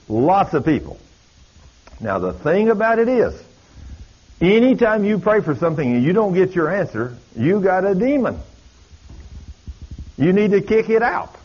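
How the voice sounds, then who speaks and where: A man's voice: fairly high pitch, slightly rough. A male preacher, telling stories in a folksy, emphatic drawl. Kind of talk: sermon storytelling. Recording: dull lo-fi recording.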